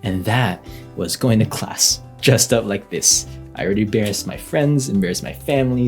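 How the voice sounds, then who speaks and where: A man's voice: fairly low pitch, moderate pace, faint music behind. A young man telling a casual story as a vlogger, chatty, with lots of fillers and light laughs.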